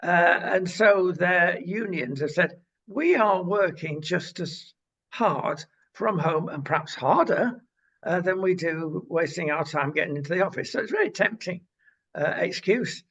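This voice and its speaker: Bloke chatting current affairs, pretty high voice, lots of uhs, opinionated. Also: male voice, measured pace, fairly bright tone, breathy edge. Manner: opinionated, rambling with many uhs. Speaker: co-host. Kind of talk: casual current-affairs chat. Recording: dull lo-fi sound.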